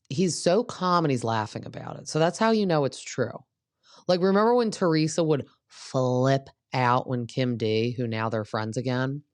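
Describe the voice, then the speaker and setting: A woman's voice: very deep voice, darkish tone, no room sound, clean studio sound. A woman hosting a podcast, recapping a reality show in a chatty, gossipy way and acting out what the cast members said. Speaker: podcast host.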